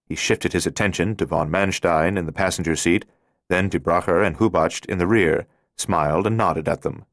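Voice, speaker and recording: Deep-voiced male audiobook narrator. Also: normal speed, fairly bright tone, no room sound, clean studio sound. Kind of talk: scripted narration.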